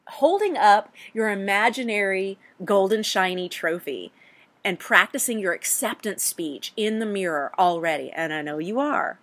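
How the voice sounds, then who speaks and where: A woman hosting an advice show for actors, talking in a blunt, animated way with mild swearing. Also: medium pitch. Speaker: host; casting coach. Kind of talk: advice talk.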